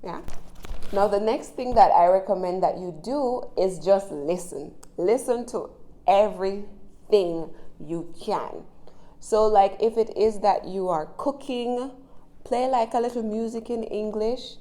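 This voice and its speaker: Here a woman teaches English in a relaxed lesson, her Jamaican accent carried by a medium-pitched, dark-toned voice that moves a little slowly. Friendly and encouraging, she keeps tossing in tag questions to check in with the listener.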